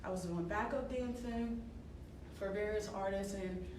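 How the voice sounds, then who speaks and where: A woman in her thirties, a wrestler, chats as a guest in a casual radio interview, speaking unhurriedly in a mid-range voice with lots of fillers and laughs. The recording sounds roomy, with a distant mic and noisy background.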